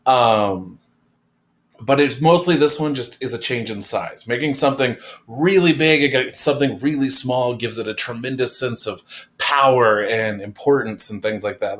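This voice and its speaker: A man teaching an art class, explaining design principles in a casual, conversational way with fillers, recorded in a classroom. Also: medium pitch. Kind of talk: classroom lecture.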